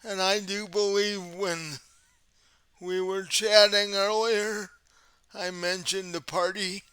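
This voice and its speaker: A courteous, centuries-old vampire prince, spoken by a man in his own voice in a tabletop game. He talks very slowly with unhurried calm, and his voice is bright and crisp. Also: high voice, dry recording, pitched above the performer's own voice, exaggerated voice.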